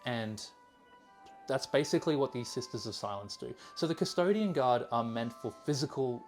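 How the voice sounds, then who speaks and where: A man retells a long tale in casual podcast chat, stumbling and restarting as he goes. His voice sits at an ordinary pitch. Faint music runs underneath. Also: expressive, moderate pace. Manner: rambling storyteller, restarts, acts out quotes. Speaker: podcast host explaining the lore.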